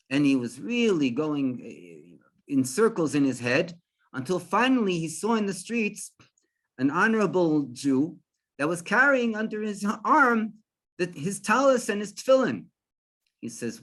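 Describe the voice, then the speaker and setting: Animated rabbi telling a story. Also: male voice, fairly high pitch, a little slow. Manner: animated, with frequent restarts and fillers.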